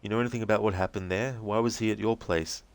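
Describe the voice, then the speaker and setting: A man voicing a gruff, impatient federal agent who talks bluntly and pushily, reading a game transcript aloud. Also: fairly low pitch, steady tone, fast, no room sound, pitched above the performer's own voice, close to an everyday voice. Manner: blunt, pushy, swearing.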